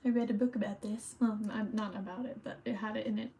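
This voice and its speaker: A woman's voice: medium pitch, fairly even intonation, fast, warm tone. A young woman streaming as she decorates cards, chatting casually and thinking aloud while she colors. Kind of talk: casual chat while crafting.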